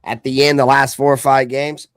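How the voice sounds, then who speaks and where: Brief: joking podcast host, mid-pitched voice, close, dry sound. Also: male voice, flat delivery, moderate pace, clean tone, no room sound. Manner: loose, joking, profane. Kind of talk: casual podcast chat.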